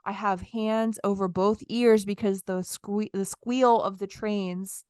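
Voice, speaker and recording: A woman in her thirties tells a story in easy, conversational chat, acting out what she said in little quoted bits. Her voice is smooth and clear, at a middle pitch, recorded close and dry with no room sound. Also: slow pace, dry recording. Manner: animated, acts out her own lines in quotes. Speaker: podcast co-host.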